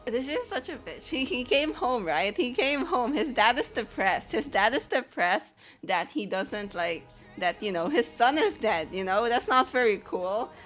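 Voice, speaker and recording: Sharing her screen, a young woman animator talks in a fairly high, very animated, somewhat bright voice at a measured pace, with soft music in the background. Her chat rambles, full of giggles, swearing, "like," and "you know."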